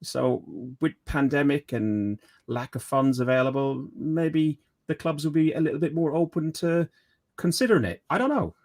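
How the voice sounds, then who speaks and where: A man's voice: fairly high pitch, normal speed, darkish tone. A man in casual podcast chat, hesitant, often trailing off and restarting his sentences. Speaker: podcast guest.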